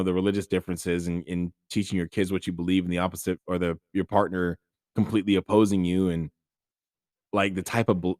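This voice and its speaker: A man with a low voice talks earnestly in a casual podcast monologue, dotted with fillers. The recording is close and dry. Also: dry recording. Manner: earnest, conversational, many fillers. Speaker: podcast host.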